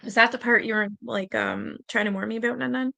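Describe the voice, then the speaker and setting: A woman's voice: fairly high pitch, sing-song, quick pace, gravelly, sharp tone. A Canadian woman hosting a livestream, reading aloud and chatting loosely with her viewers, swearing freely and laughing often. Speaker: livestream host.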